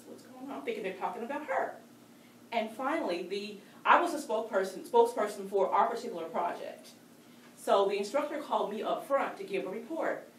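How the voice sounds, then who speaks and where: A woman's voice: medium pitch, a little hiss or hum. Playful woman storyteller, distant mic in a roomy hall, faint background ambience. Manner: animated and playful. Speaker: storyteller at a speaking club. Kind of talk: told personal story.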